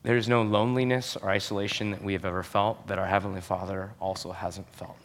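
Earnest male pastor preaching, low voice. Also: level tone. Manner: earnest, emphatic, slows down on key phrases. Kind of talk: sermon.

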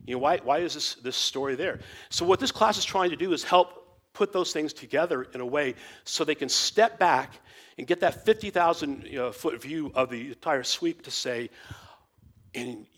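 A man's voice: a little high, moderate pace, fairly bright tone. A man who teaches the Bible, talking informally and rambling with lots of "you know" and restarts.

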